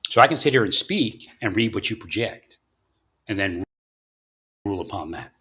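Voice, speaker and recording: A man's voice: on the low side, animated, moderate pace, bright, forceful tone, breathy edge. A man delivering a confrontational monologue, angrily ranting at unseen opponents. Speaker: vlogger.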